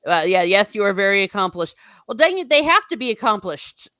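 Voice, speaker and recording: Chatty American woman, livestream host, mid pitch, dry close sound. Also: fairly quick, no room sound. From United States. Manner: chatty, animated, reads viewer comments aloud. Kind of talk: casual livestream book chat.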